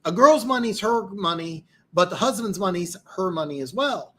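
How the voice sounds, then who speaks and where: A man's voice: high-pitched, expressive, moderate pace, fairly bright tone. A man hosting a live football stream, tired and losing his voice, rambling boastfully with many restarts. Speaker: host. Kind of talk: live-stream football talk, reading comments.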